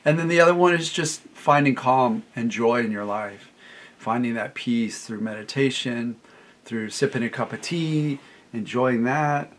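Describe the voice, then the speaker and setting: A man's voice: mid-range voice, unhurried. A middle-aged man talking as a recovery coach, emphatic and repetitive, quoting clients in a raised voice. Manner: emphatic, repeats phrases, quotes clients in a raised voice. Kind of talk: solo talk to camera.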